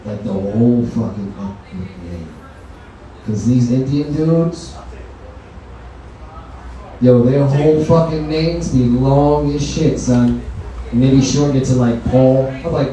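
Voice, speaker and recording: A man working a crowd in a comedy lounge, rambling through profane stories at an easy, chatty clip. His voice sounds dark and mellow. It reaches the listener from across a roomy, echoing space with a faint hum of ambience behind it. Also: medium pitch, measured pace, pauses often. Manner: profane, loose conversational storytelling. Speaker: stand-up comedian. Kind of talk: stand-up comedy set. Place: comedy venue lounge, indoors. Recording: echoey room from far off.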